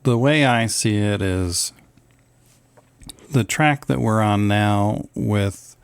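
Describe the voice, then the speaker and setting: Man co-host, very slow and deliberate, smooth voice, dry close sound. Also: lowish voice, no room sound. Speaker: podcast co-host. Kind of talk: casual conversation.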